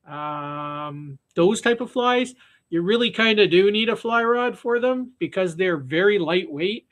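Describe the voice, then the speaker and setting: High-voiced man chatting while fly tying. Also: fairly bright tone. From Canada. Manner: rambling, with frequent restarts and fillers. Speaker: fly-tying live stream host. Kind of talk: casual live stream chat while tying flies.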